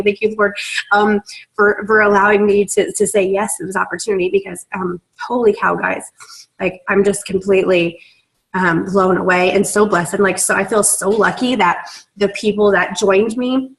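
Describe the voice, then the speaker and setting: A woman's voice: mid-range voice, poor audio. A young woman, a team leader on a video call, talking emotionally and gushing with many fillers, close to tears. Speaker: team leader in a sales business.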